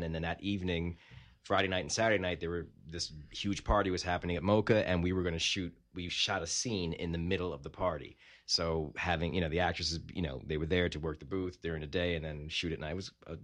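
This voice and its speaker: A man's voice: low-pitched, steady tone, brisk, fairly bright tone. A man in casual podcast chat about his web series, talking in a rambling way with many restarts.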